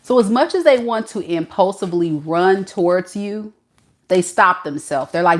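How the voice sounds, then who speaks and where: A woman giving an animated tarot reading, often laughing and acting out what the other person is thinking. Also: fairly low pitch, moderate pace. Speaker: tarot reader.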